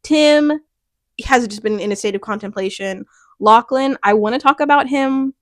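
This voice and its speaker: A young woman chatting casually about a TV finale, animated and rambling, laughing often and restarting her thoughts. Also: on the high side, moderate pace, no echo, clean studio sound. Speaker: youtuber reviewing a TV finale. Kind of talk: casual chat.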